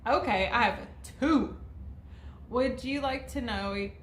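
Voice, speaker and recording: A woman's voice: fairly high pitch, measured pace, reverberant. A woman in her twenties co-hosting a casual chat, teasing with a dry sense of humor. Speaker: co-host.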